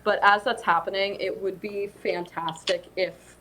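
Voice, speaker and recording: A woman's voice: medium pitch, steady tone, a little slow, pushed and bright, a little hiss or hum, poor audio. A woman playing a tabletop game, thinking aloud in a loose, hesitant way. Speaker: player. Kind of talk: casual tabletop game play.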